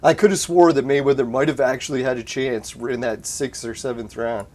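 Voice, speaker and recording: Talking fairly quickly in a medium-pitched voice, this casual streamer keeps things laid-back, cursing and laughing a lot during his live-stream chat. The sound comes from a home desk mic routed through a soundboard.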